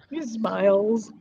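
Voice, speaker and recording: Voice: medium pitch, a little mellow, husky, no room sound. A game narrator describing characters' actions in a tabletop game, rambling, swearing and laughing often. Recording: dull lo-fi mic, faint hiss.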